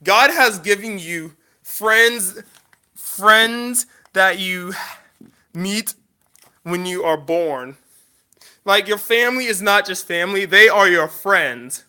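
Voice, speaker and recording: Male vlogger, high clear voice, emotional, rambling, apologetic, lots of false starts. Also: takes it slowly, sharp tone. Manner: rambling, apologetic, many restarts. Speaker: YouTuber. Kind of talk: casual vlog monologue.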